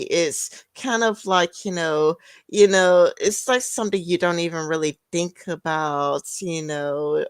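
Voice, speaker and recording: A woman's voice: lowish voice, smooth, no room sound. A woman co-hosting a podcast in casual chat, rambling with lots of fillers like "you know". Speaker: podcast co-host.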